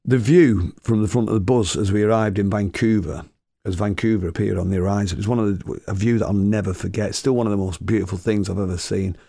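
A man with a gravelly voice telling a comic story, swearing and chuckling as he goes. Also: lowish voice, fairly even intonation, fast talker, mellow, no room sound, studio quality. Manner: swearing, chuckling anecdotal delivery.

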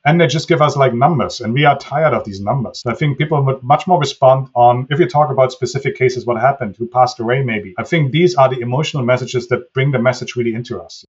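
Husky man, muffled lo-fi audio. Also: medium pitch, quick pace, few pauses. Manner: earnest, explanatory, occasional grammar slips. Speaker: guest author. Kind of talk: conversational interview answer.

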